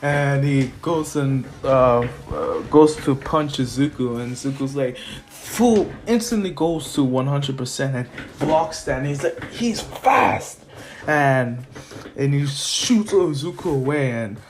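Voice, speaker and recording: A young man casually retelling a fan story, rambling and halting with fillers. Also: mid-range voice, slight background noise. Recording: soft lofi music under.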